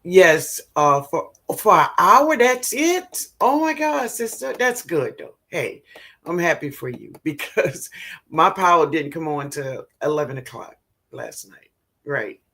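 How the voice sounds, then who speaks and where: A middle-aged woman with a low, very animated, slightly bright voice hosts a gardening live stream. She chats casually with viewers in an unhurried drawl, affectionately calling them baby.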